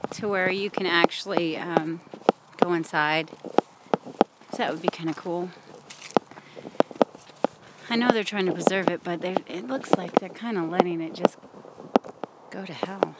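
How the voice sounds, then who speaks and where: A woman's voice: on the low side, measured pace, long pauses, very noisy. A woman casually narrating to the camera while exploring an old site outdoors in the cold. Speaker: paranormal investigator filming a site visit.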